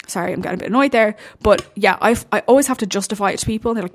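A woman's voice: mid-range voice, rapid-fire. A young woman hosting a casual solo podcast as a bodybuilding coach, talking bluntly, swearing freely and getting worked up as she answers listener questions.

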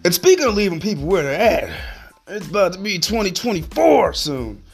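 A man's voice: sits high, big pitch swings, normal speed, creaky, husky, soft background music. A man hosting a solo podcast, ranting in a heated, profane, rambling way. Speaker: podcast host.

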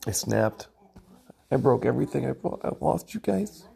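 A woman leaving a comedic tearful voice message, hoarse and gravelly, stammering through a halting confession. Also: very deep voice, very animated, mellow. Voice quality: gravelly, raspy. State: hoarse, voice nearly gone.

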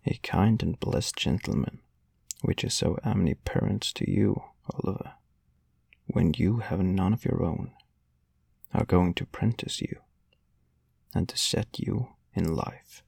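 Storybook beadle, pompous and moralizing, read by a man, husky deep voice. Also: a little slow, pauses often, a little mellow, no echo, exaggerated voice. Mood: pompous lecturing. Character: pompous self-important male parish beadle.

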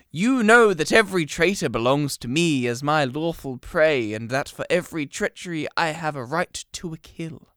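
A podcast host voicing a shrill, imperious female witch queen in a dramatic read-aloud. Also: fairly bright tone, dry recording, studio quality, natural voice. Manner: theatrical, cold, escalating shrillness.

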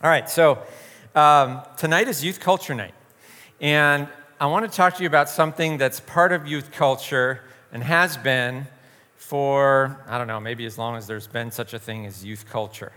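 A man's voice: medium pitch, normal speed, bright, forceful tone, big-room sound. A man leading an informal youth group talk, a joking storyteller who acts out quoted voices.

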